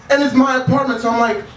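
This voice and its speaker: A man's voice: extremely high pitch, background noise. A man doing a stand-up set, laid-back and chuckling between his jokes. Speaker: stand-up comedian. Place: bar stage. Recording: echoey bar heard from a distance. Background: bar ambience.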